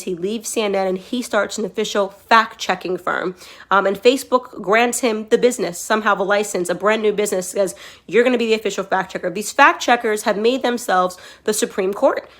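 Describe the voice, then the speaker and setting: A woman's voice: medium pitch, a bit bright. A woman commentator making a political argument, emphatic, posing rhetorical questions as she goes.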